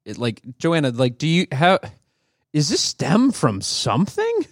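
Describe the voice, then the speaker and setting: A man's voice: on the high side, huge pitch swings, a little slow, no room sound. A male podcast host in casual chat, joking and rambling, his voice rising and falling freely. He is recorded dry and close, with no room sound. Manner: playful, jokey, rambling restarts.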